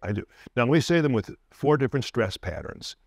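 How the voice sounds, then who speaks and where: A man's voice: medium pitch, sing-song, a little fast, gravelly, dry recording, clean studio sound. A man speaking as a panelist to a live audience, explaining things at length with spoken examples. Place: event hall at a live panel.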